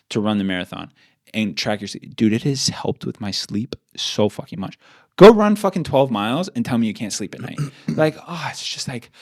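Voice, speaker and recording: A man co-hosting a podcast in casual chat, blunt and profane, ranting fast with lots of "like". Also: fairly low pitch. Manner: fast rants with repeated "like". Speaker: podcast co-host.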